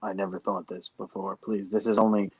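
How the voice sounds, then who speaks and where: A man's voice: sits low, little pitch movement, a little fast, husky, no room sound, low-quality recording. Enthusiastic man, dry close sound. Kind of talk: casual chat.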